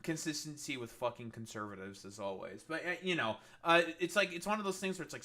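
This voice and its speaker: A man's voice: on the high side, animated, quick pace, hardly any pauses, bright, forceful tone. Sarcastic, foul-mouthed male streamer. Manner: sarcastic, profane ranting with many fillers. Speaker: streamer reacting to news clips. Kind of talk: political commentary livestream.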